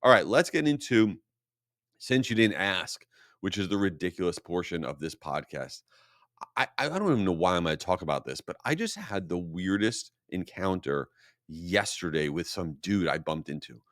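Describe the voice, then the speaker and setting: A man hosting a solo marketing podcast, talking casually and telling stories with a self-mocking, animated manner. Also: deep voice, moderate pace, no echo, clean studio sound. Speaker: podcast host.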